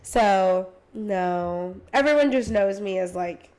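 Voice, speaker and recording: A woman's voice: mid-range voice, slow pace, darkish tone, clean tone. A young woman in her twenties co-hosting a podcast, chatting casually with many filler words and laughing asides. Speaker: podcast co-host, cheer coach. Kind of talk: casual chat.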